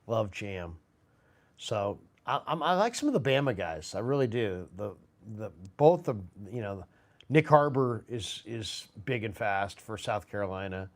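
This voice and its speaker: A man's voice: lowish voice, sing-song, a little slow. Rambling man hosting a sports stream. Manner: rambling, full of fillers and restarts. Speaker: sports show host. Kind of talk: casual live-stream chat. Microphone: phone.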